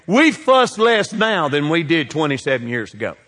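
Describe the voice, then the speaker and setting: A middle-aged man, preaching a sermon that swings between loud exhortation and hushed asides. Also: on the high side, sing-song, moderate pace, in a large hall. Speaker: pastor.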